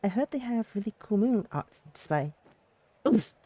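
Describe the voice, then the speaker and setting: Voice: mid-range voice, animated, moderate pace, dark tone, husky, no room sound. Teary streamer reading game dialogue aloud. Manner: emotional, tearful reactions and swearing outbursts.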